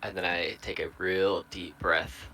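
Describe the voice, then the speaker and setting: Man, very deep voice, bright forceful tone, hesitant, lots of ums, tabletop player. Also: little pitch movement, unhurried, creaky, rough recording. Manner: thinks aloud, hesitant with many ums. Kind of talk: casual tabletop game chat.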